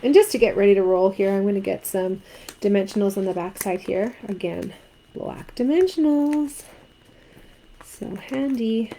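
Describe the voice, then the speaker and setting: A woman's voice: mid-range voice, moderate pace, warm tone, slight background noise, poor audio. A woman from Canada teaching a card-making craft tutorial, chatting and asking viewers what they think. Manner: chatty, asks viewers questions.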